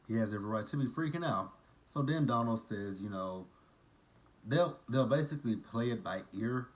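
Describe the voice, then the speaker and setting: A man's voice: medium pitch, expressive, normal speed. A man casually recapping a TV episode, with blunt, profane and mocking asides. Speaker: TV episode reviewer.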